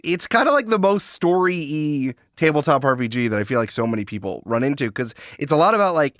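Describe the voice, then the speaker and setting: A man's voice: on the high side, animated, a bit bright, no echo. A man hosting a tabletop game podcast in loose, joking casual chat. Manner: loose, joking, quick asides. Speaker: podcast host and game master.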